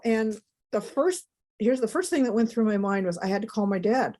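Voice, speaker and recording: A woman's voice: fairly high pitch, expressive, moderate pace, darkish tone. A middle-aged woman, a podcast guest, telling a personal story in an emotional, rambling way with many asides.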